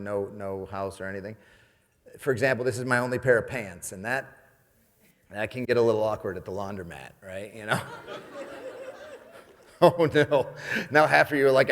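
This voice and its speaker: Joking male motivational speaker, big reverb. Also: on the low side. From New York. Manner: jokey, conversational, keeps asking "right?". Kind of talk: comedic keynote speech. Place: event stage in a large hall. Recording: long reverb of a large hall.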